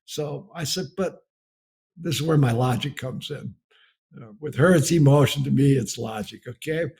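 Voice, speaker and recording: A man's voice: mid-range voice, normal speed, darkish tone, husky. A middle-aged man from the United States giving a folksy storytelling sermon about marriage, chuckling as he goes. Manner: folksy, laughs through his story. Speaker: speaker on marriage.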